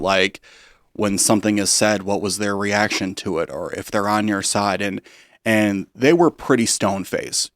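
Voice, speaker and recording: A man's voice: on the low side, dry recording, studio quality. A man, a podcast guest, telling his own story casually with many "you know"s. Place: podcast studio.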